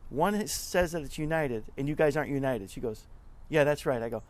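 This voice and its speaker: A middle-aged man, a nonprofit club leader, giving a casual interview and telling stories in a lively way, often acting out what people said. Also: mid-range voice, a little fast. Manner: chatty, animated storyteller who acts out quotes.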